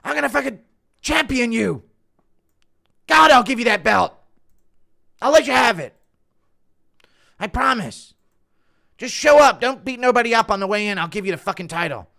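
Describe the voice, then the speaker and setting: A man putting on an impression of a loud, brash male fighter who shouts high-pitched taunts. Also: lively intonation, normal speed, vocal fry, pauses often, full character voice. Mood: mock pleading.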